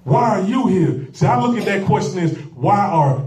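A man preaching a sermon with call-and-response, repeating phrases and building to shouts. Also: high voice, sing-song, moderate pace, distant mic. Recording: echoey room, voice off-mic.

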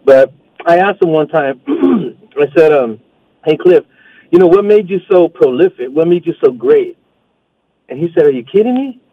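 A man's voice: a little high, lively intonation, unhurried, pauses often, dry recording. A man calling in to a sports radio show, telling a story casually and acting out the voices. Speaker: caller. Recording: dull phone-line sound.

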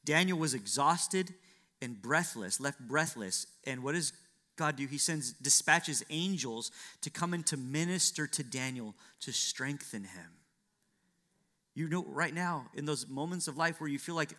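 A man's voice: fairly high pitch, expressive, moderate pace, bright, forceful tone. A man preaching a sermon as a pastor, building emphasis through repeated phrases. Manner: preaching with swelling, emphatic repetition.

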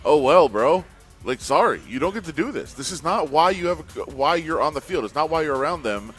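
A man co-hosting a casual sports talk show, animated and indignant as he argues his point. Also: fairly high pitch, fairly quick, soft background music. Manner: animated, indignant, with loud mocking impressions. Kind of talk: casual sports radio chat.

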